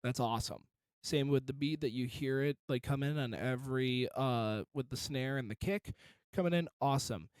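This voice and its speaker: A man's voice: mid-range voice, moderate pace, darkish tone, clean tone, dry recording. A man reviewing a song in casual commentary, encouraging and detailed about vocal technique.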